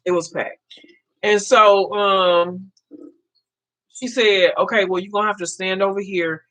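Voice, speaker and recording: A woman's voice: mid-range voice, fairly even intonation, measured pace, a bit bright. A woman, casually telling a story to her viewers, acting out the dialogue and laughing often. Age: 50s. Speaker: vlogger.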